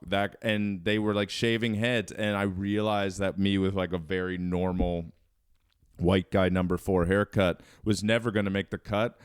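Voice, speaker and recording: A man's voice: low voice, fairly even intonation, normal speed, smooth, no echo, clean studio sound. A man in his thirties from Baltimore, a podcast guest telling a rambling, self-deprecating story with many fillers. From Baltimore, Maryland. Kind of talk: casual storytelling.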